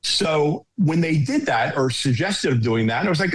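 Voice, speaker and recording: A middle-aged man, a home shopping executive, telling lively anecdotes as a podcast guest. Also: on the high side, normal speed, slightly rough. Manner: animated anecdote teller, quotes others. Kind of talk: casual storytelling.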